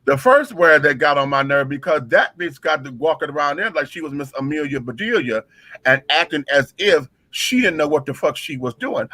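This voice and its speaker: A man's voice: on the high side, animated, moderate pace, sharp tone, no echo, rough recording. A man telling a backstage story in a brash, profane, dramatic way, with features. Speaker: drag performer telling a story. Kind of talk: casual storytelling chat.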